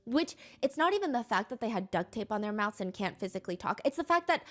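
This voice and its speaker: A woman narrating a true crime story in an earnest, measured way. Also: on the high side, very animated, a bit bright.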